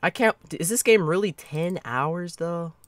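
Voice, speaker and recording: A man's voice: a little high, normal speed, no echo. A young man streaming a game, chatting casually, swearing and joking about himself as a beginner. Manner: casual, swearing, self-mocking. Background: music.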